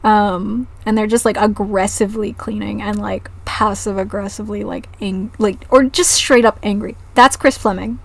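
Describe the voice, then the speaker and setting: A woman's voice: medium pitch, fairly even intonation, moderate pace, gravelly, hardly any pauses. A woman streamer chatting casually on a live stream, giggling often and swearing freely.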